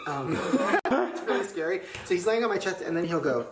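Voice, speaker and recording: Brief: man, lively swooping pitch, giggly storyteller, echoey room with loud music underneath. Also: fairly quick. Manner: animated storyteller, laughing often. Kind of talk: casual vlog chat.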